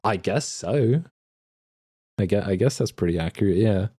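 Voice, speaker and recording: On his live stream, a young man from Australia reads out chat messages and responds, rambling and laughing casually. He speaks at normal speed in a fairly low, animated voice, dark-toned with a breathy edge.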